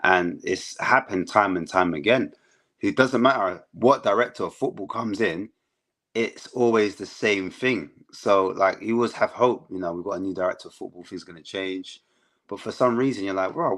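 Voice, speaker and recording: A man's voice: deep voice, normal speed, fairly bright tone. A man chatting casually as a football fan panelist, rambling with fillers.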